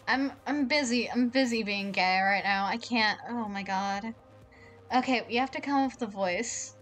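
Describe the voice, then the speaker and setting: A woman streaming a game live, chatting in an excitable, rambling way and swearing a lot. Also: fairly high pitch, moderate pace, faint music behind.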